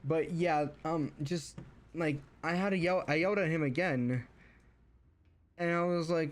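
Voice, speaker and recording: A man's voice: high voice, measured pace. A young man venting in a casual story, rambling with many false starts and fillers. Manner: exasperated, venting. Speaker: streamer.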